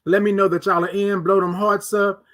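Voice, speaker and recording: Reading chat comments aloud on his laid-back morning livestream, this middle-aged host draws out greetings with repetition like a preacher. He sits high in pitch, with a flat, fairly bright delivery at normal speed.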